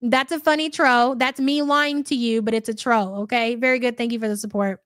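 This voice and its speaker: A woman's voice: fairly high pitch, fairly even intonation, a little fast, a bit bright, clean tone, no echo. A woman hosting a live reaction stream, reading out chat messages in a blunt, profane, mocking way.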